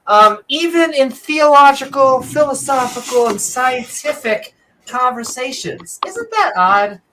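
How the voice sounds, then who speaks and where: A woman's voice: sits high, animated, a little slow, background noise. A woman co-hosting a casual livestream chat, joking and rambling with chuckling asides. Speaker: co-host.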